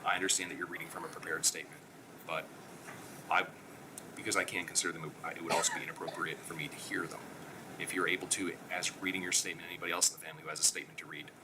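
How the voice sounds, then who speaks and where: A man presiding as judge in a courtroom, speaking in a brisk, procedural way with stumbling restarts. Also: deep voice, little pitch movement, noisy background.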